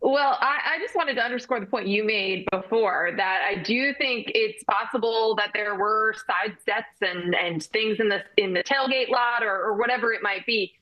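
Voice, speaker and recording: A woman sports reporter appearing as a guest, giving energetic analysis with frequent fillers. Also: medium pitch, normal speed, few pauses, lo-fi sound. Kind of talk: sports talk interview.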